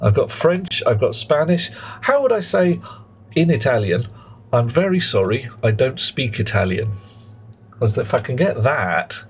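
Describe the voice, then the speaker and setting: A man's voice: medium pitch, big pitch swings, measured pace, husky. Chatty British man streaming a game. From Britain. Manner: chatty and playful, greets chat, muses aloud. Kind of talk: live gameplay commentary.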